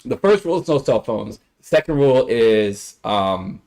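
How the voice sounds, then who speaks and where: A man's voice: medium pitch, animated, moderate pace, a little mellow. A young man telling a rambling, profane story on a casual livestream, often exasperated.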